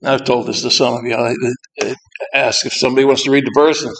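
A man talks to a congregation about his prison ministry work. His delivery is plainspoken and rambling, full of side remarks and pauses as he collects his thoughts. His voice sits at a middle pitch for a man. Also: fairly even intonation, fairly bright tone, rough recording. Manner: halting, with frequent pauses. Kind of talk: informal church talk to a congregation.

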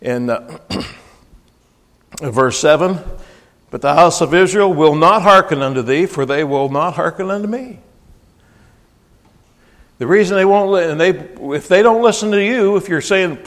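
A male preacher giving a folksy, emphatic sermon, often rising to near-shouting when he quotes scripture. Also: high voice, measured pace. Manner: folksy, with frequent restarts and asides. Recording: long hall reverb.

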